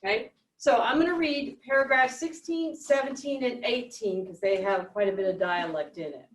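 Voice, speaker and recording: A woman's voice: on the high side, moderate pace. A woman teacher leading a reading lesson, explaining step by step and asking the class questions. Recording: echoey classroom, mic at a distance.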